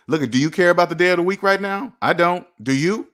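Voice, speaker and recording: A man's voice: sits high, fast talker, fairly bright tone. A man hosting a personal finance channel, talking straight to viewers in a preachy, repetitive, emphatic way. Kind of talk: motivational livestream talk.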